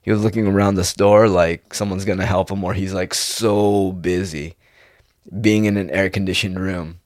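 A young man rambles through a casual monologue in a lowish voice, laid-back and loose. He tosses "dude" into nearly every thought. The sound is dry and close, with little room around it. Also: steady tone, moderate pace, a little mellow, no echo. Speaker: vlogger.

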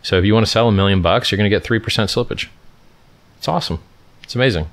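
A man from California chats casually on a livestream in a deep, low voice. He answers viewer questions emphatically, repeating phrases and restarting his sentences. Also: fast. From Stockton, California, USA.

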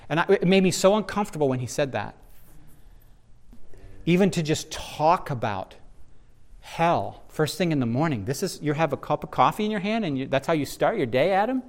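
At normal speed and with an animated delivery, a man with a voice on the high side leads a Bible discussion in a conversational way. He teaches earnestly and searchingly, often backing up to restart sentences as he gropes for words.

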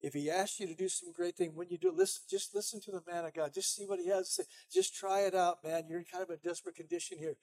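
A man voicing humble servants gently urging their master to listen. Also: high voice, animated, quick pace, few pauses. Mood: coaxing.

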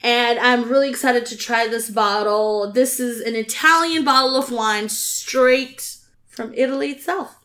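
A woman's voice: a little high, a little slow, a bit bright. A woman co-hosting a podcast, chatting casually and reading a wine label aloud with mock gravity. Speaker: podcast co-host. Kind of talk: casual chat.

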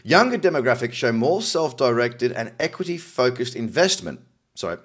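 A man's voice: mid-range voice, very animated, moderate pace, fairly bright tone, husky. An Australian man hosting a crypto news show, reading articles aloud with cynical, chatty asides. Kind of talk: casual news commentary.

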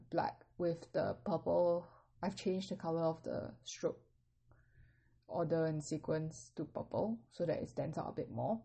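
A woman with a somewhat low, mellow voice gives an easygoing online language lesson. She talks patiently and explains each point step by step, with relaxed fillers along the way. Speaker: Chinese language teacher.

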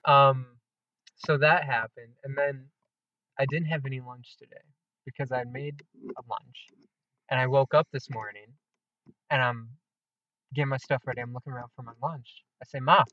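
A young man co-hosting a casual comedy podcast, an animated storyteller who laughs often and acts out the people he quotes. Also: medium pitch, moderate pace, long pauses. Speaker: podcast co-host. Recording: dull lo-fi sound.

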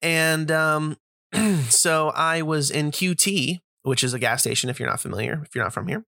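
A man's voice: on the high side, normal speed, gravelly, bright, forceful tone, no room sound, studio quality. A man hosting a podcast, telling a casual, profane story full of fillers and asides to his listeners. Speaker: podcast host.

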